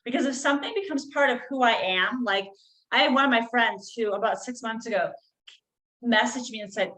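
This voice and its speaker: A middle-aged woman guest on a podcast, talking in an earnest coaching tone and slowing down to stress key phrases. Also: on the high side, sharp tone, poor audio. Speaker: guest healer. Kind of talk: conversational podcast interview.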